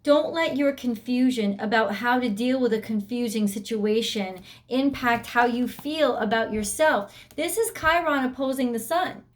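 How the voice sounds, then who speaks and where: Tarot reader, woman, slightly high voice, blunt and emphatic, swears casually. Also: normal speed, hardly any pauses. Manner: blunt and emphatic, swears freely, voices the listener's inner thoughts. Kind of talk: weekly tarot reading.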